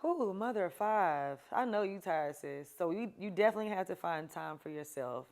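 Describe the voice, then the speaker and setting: A woman's voice: on the low side, expressive, moderate pace, a little mellow. A woman hosting a talk show, giving chatty, emphatic advice to her viewers and laughing often. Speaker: show host. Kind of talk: casual advice talk to camera.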